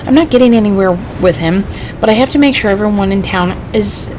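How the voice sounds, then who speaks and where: A woman's voice: mid-range voice, fast talker, natural voice. A woman voicing a worried male station official giving instructions in a game. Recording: steady background noise.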